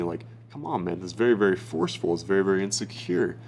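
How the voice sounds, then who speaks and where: A man's voice: low voice, fast talker, hardly any pauses, a little mellow, a little hiss or hum. A young man giving casual dating advice as a coach, blunt and profane, calling the listener bro.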